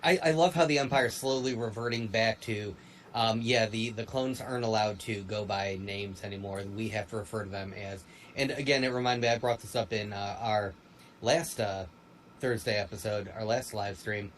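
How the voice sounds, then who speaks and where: A man co-hosting a casual fan review chat, rambling and animated with quick asides. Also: lowish voice, a little hiss or hum, poor audio. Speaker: podcast co-host.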